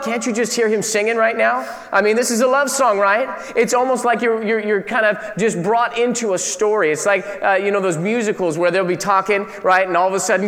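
Lively preaching man, high voice. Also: fast, few pauses, long reverb tail. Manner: animated, conversational preaching with playful asides. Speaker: pastor. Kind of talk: sermon.

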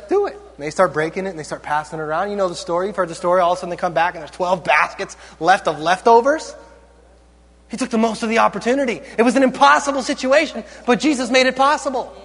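A man's voice: very high-pitched, bright, forceful tone. A man preaching a sermon to a live congregation, playful and teasing in his asides. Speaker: pastor. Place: large church hall with live audience. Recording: long reverb of a large hall.

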